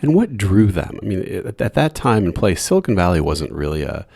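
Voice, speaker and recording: Podcast host, man, middle-aged, very deep voice, chatty and relaxed, dry close recording. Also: fairly quick, vocal fry, husky, no room sound. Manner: casual, musing and chatty. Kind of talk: conversational interview.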